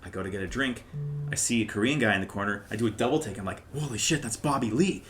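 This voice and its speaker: A young man and podcast co-host telling a story casually, animated and often laughing. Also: fairly low pitch, rapid-fire, slight background noise.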